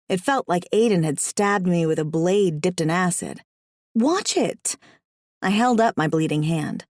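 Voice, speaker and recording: A woman reads a first-person audiobook with a wry, expressive delivery. Her pitch sits in the middle range. The recording is dry and close, with no room sound. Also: no echo. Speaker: audiobook narrator.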